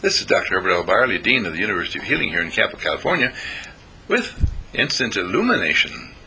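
A man's voice: sits low, big pitch swings, fast, pushed and bright, a little hiss or hum, poor audio. A man giving a self-help talk, telling stories animatedly and acting out the voices in them. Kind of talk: storytelling talk.

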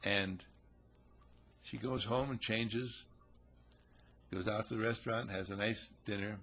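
A man with a gravelly, husky voice telling a folksy, chatty parable to listeners. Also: on the low side, fairly even intonation, unhurried, a bit bright. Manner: folksy, chatty, acts out characters. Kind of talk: conversational storytelling talk.

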